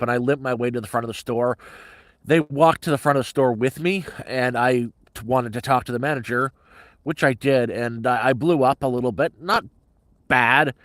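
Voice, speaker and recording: A man's voice: medium pitch, a bit bright, no echo. A middle-aged man telling a story on a casual livestream in a blunt, heavily profane, agitated way.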